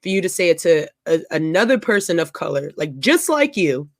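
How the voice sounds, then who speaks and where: Lively woman acting out stories on a podcast. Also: lowish voice, brisk, no room sound, clean studio sound. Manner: lively, acts out what she said, laughs often. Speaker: podcast co-host. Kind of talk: casual podcast chat.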